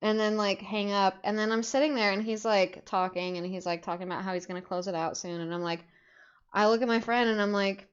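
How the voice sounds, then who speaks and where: A woman's voice: medium pitch, fairly even intonation, a little fast, clean tone, lo-fi sound. A young adult woman telling stories in casual chat, rambling with lots of fillers and swearing freely. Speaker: podcast host.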